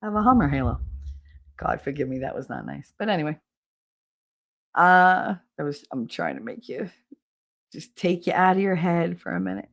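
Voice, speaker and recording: A woman in her forties chats with her stream viewers and tells stories, putting on shrill high voices for the people she quotes. Her normal speaking voice sits fairly low. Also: moderate pace, creaky, long pauses. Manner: animated, acts out quotes with big pitch jumps. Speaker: livestream host. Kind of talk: casual storytelling to chat.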